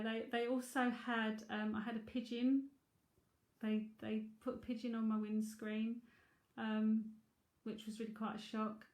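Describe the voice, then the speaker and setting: A woman's voice: mid-range voice, darkish tone, reverberant. A middle-aged woman, a psychic tarot reader, chatting frankly and laughing often as she answers viewers. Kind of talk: casual livestream chat.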